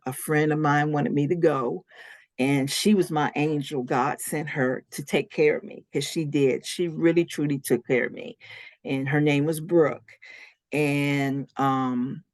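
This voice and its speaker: A woman's voice: sits low, darkish tone, dry recording, studio quality. A woman guest on a faith podcast, telling her personal story with strong emotion and acting out what others said. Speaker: interview guest.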